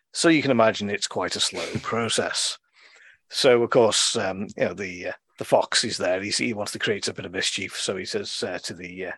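A man's voice: lowish voice, a bit bright, breathy edge, dry recording. Man, podcast host, casual film chat, rambling, dry recording. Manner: rambling, with many fillers and restarts.

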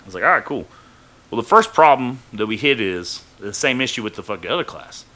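A man's voice: medium pitch, lively intonation, brisk, bright, forceful tone. A man casually telling a rambling, profane story from his own life on a podcast, full of fillers.

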